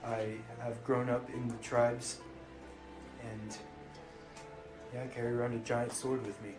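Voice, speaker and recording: A man's voice: mid-range voice, flat delivery, a little slow, natural voice. A man doing a hulking tribal warrior. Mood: gruff. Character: huge gruff male tribal warrior with giant sword. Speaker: player. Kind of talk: tabletop game role-play. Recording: echoey room, guitar music behind.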